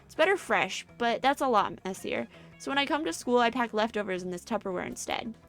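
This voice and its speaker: A woman voicing a cheerful eldritch horror schoolgirl who gushes excitedly and stammers when flustered. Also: fairly high pitch, brisk, faint music behind, natural voice. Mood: chirpy. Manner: gushing and excitable, stammers happily.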